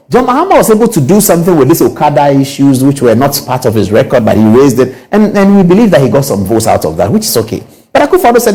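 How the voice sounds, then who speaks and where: Emphatic political commentator. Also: male voice, mid-range voice, very animated, fast talker, hardly any pauses, dark tone. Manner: emphatic, repetitive, rhetorical questions.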